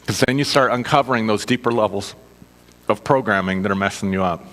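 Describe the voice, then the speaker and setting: A middle-aged man preaches in an easygoing, conversational way, mixing personal stories with self-mocking asides and frequent quick check-ins with his listeners. His voice sits at an ordinary mid pitch. It carries a long reverb, as if recorded in a large hall. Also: fairly bright tone. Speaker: minister.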